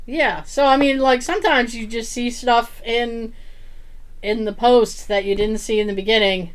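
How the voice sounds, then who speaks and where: Co-hosting a podcast, a woman with a slightly high voice tells a story at a moderate pace in a casual chat. She's an animated storyteller who acts out people's quotes and laughs a lot.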